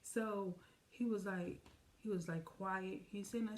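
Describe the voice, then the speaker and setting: On a casual storytime vlog, a woman recounts something that happened to her, chatting directly with her viewers and acting out what each person said. Her voice is mid-range and steady, her pace a little slow.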